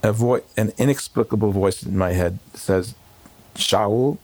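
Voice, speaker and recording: A man, a rabbi, recalling a painful day in an emotional interview, talking in halting bursts with many fillers and restarts. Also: fairly low pitch, a little mellow. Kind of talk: emotional personal recollection. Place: home.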